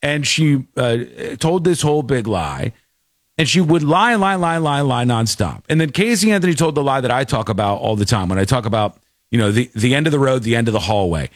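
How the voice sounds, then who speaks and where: A man's voice: medium pitch, lively intonation, fairly quick, no echo, clean studio sound. A man telling a story in casual chat, acting out the people in it with shifting voices. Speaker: podcast host.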